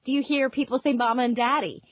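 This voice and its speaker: A woman's voice: sits high, fairly even intonation, fast, dry recording, dull audio. A woman in her thirties hosting a food podcast, chatting with a guest in a gushing, easy-laughing manner. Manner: warm, gushing, laughs easily. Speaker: podcast host. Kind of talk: interview chat and scripted intro.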